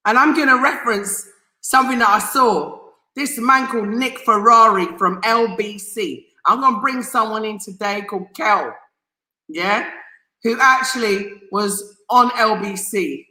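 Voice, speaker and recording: A woman's voice: mid-range voice, a little slow, pushed and bright, reverberant, low-quality recording. A woman from England, hosting an opinion commentary, reading news aloud in a passionate, sarcastic and emphatic way, hammering key words again and again. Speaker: host.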